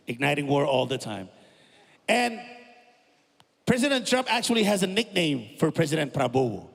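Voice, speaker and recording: High-voiced Indonesian comedian on stage. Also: male voice, very animated, moderate pace, creaky, pauses often, fairly bright tone. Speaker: stand-up comedian. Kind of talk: stand-up comedy set. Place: live stage in a large hall. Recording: reverberant hall on a stage mic.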